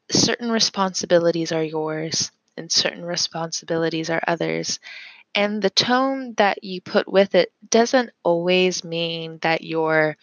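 A woman hosting a podcast, doing a casual tarot reading in a reflective manner with pauses and fillers. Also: lowish voice, no echo, poor audio. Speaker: tarot reader and podcast host.

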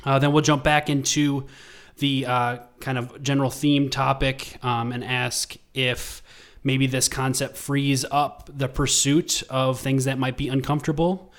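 Male podcast co-host, mid-pitched, relaxed and conversational with filler words. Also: a little slow. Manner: relaxed, lots of ums and uhs. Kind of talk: casual podcast chat.

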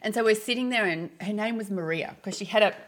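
Woman in her fifties, mid-pitched voice, chatty storyteller, laughs between stories. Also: fast talker. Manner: lively anecdotes with frequent laughter. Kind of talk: casual storytelling chat.

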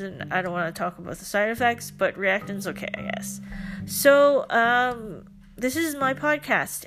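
A woman's voice: fairly high pitch, fairly bright tone. A young woman of Filipino background hosting a podcast, telling a story in a chatty, casual way with lots of fillers and joking asides. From Filipino family, lives in Canada. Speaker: podcast host.

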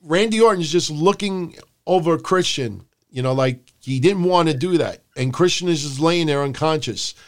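Animated, profane male wrestling podcaster. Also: normal speed, few pauses. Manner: animated, profane, mimics people in loud high shouts. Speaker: podcast co-host. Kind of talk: casual wrestling recap chat.

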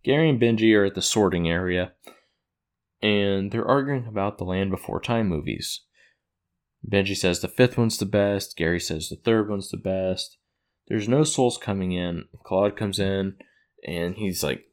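Lower-voiced man casually recapping a plot. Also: a little slow. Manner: rambling, self-correcting, chuckles at own retelling. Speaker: episode recapper.

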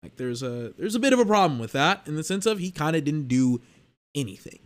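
A man's voice: fairly high pitch, big pitch swings, fairly quick. A young man hosting a sports podcast, talking in a casual, blunt monologue with exasperated, slangy rants. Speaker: podcast host.

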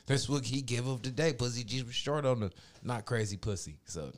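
A man telling a story in casual podcast chat, profane and animated, acting out the people he quotes. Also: mid-range voice, a little fast.

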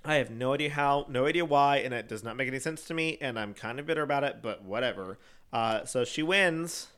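A man in casual chat recapping a show, blunt and swearing, quoting people in animated voices. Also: medium pitch, a little fast.

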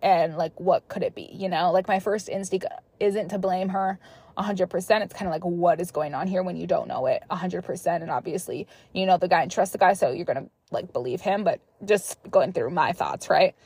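A young woman hosting a podcast, reading listener stories aloud and breaking off into chatty, animated asides. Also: lowish voice, brisk, husky, no echo. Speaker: podcast host.

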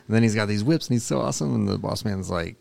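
Man, very low voice, podcast co-host, casual banter, laughs a lot. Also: fast, creaky, a little mellow. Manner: laughs often, acts out silly scenes. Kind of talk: casual chat.

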